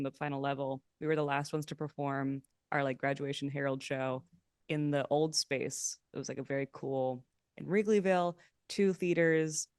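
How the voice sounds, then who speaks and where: A young woman improviser chatting as a podcast guest, self-mocking and animated when quoting people. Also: sits low, clean tone, no echo, clean studio sound. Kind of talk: casual chat.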